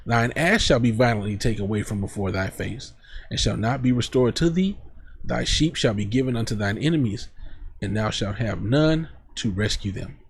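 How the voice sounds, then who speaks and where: A man's voice: medium pitch, normal speed, slight background noise. A man teaching from scripture, reading verses aloud and then explaining them in casual, blunt street talk. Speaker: preacher.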